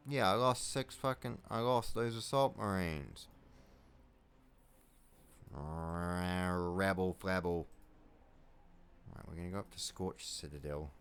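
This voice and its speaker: A man with a New Zealand accent giving casual commentary while playing a strategy game, muttering to himself and swearing loudly when things go wrong. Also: lowish voice, lively intonation, moderate pace, hardly any pauses, clean tone. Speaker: video game let's player.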